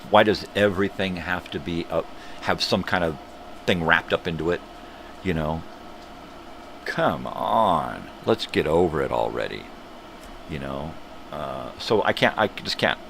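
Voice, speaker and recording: A man's voice: extremely low pitch, animated, a little slow, creaky, a bit bright, a little hiss or hum. An older man hosting his own morning show, ranting bluntly and profanely in a casual monologue. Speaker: host of a morning livestream show.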